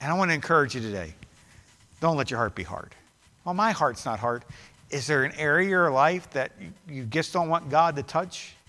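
Male pastor, high and bright, emphatic sermon delivery, long reverb of a church hall. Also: expressive, brisk. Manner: rising to fervent, emphatic preaching with repeated phrases.

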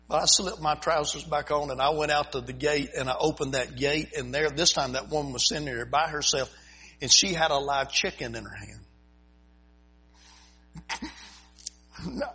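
A missionary preacher tells a folksy story from the pulpit, chuckling at his own punchlines. His voice sits a little high, with a bright, forceful edge and a husky grain. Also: measured pace, pauses often. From United States. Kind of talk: storytelling sermon. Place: church before a congregation.

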